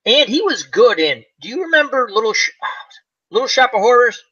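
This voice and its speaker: Guy hosting a casual chat, high lively voice, bright and a bit husky, keeps acting out movie bits. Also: brisk, muffled recording. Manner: animated, acts out movie lines with laughing. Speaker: channel host. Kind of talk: casual chat about old comedy movies.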